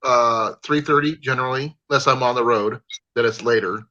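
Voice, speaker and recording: Bright-voiced man rambling on a livestream. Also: mid-range voice, moderate pace. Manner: easygoing, rambling with restarts. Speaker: livestream host. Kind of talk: casual video-call chat. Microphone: livestream call audio. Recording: lo-fi livestream audio.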